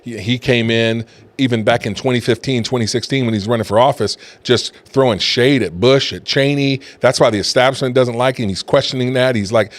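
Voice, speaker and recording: A man's voice: medium pitch, fairly quick. Middle-aged guy doing an opinion show, chatty, mid voice, restarts a lot. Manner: conversational, animated when riled up. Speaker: talk show host. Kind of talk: opinion commentary.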